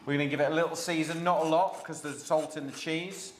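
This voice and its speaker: A man's voice: a little high, steady tone, quick pace, reverberant, a little hiss or hum. A man hosting a live cooking class from his home kitchen, chatting and joking with his daughter while he explains each step.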